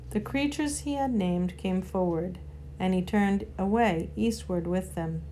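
A woman narrating a children's storybook with an even, steady reading. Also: medium pitch, measured pace. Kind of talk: storybook read aloud.

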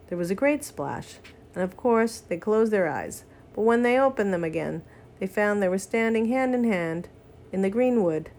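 Female narrator for a children's story, gentle and measured. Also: mid-range voice, slight background noise. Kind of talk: storybook reading.

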